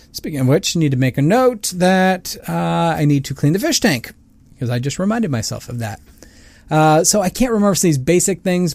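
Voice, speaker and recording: A man's voice: fairly high pitch, darkish tone, no echo. A young adult man hosting a family podcast, talking casually and chattily with plenty of fillers and self-deprecating asides. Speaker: podcast host and family counselor. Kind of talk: casual monologue.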